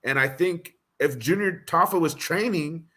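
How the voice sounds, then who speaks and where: A man's voice: fairly high pitch, moderate pace, sharp tone. A man co-hosting a fight prediction stream, casually reading out fighter statistics and weighing his pick. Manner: analytical, rattles off fight stats. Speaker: co-host of a fight prediction show. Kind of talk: casual live-stream chat.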